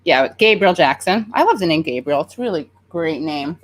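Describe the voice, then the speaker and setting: A woman's voice: low voice, expressive, normal speed. An American woman in her thirties hosting a casual livestream, rambling chattily and reading viewer comments aloud. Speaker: show host.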